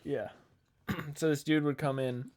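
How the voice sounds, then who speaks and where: A man's voice: medium pitch, fairly even intonation, a little slow, a little mellow. A young man on a podcast telling a long, rambling work story in casual chat, swearing freely and quoting the people in it. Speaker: podcast co-host.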